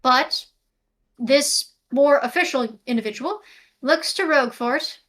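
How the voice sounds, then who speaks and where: A woman's voice: sits high, unhurried, fairly bright tone. A woman narrating a tabletop game as game master over a video call, descriptive and prone to self-corrections.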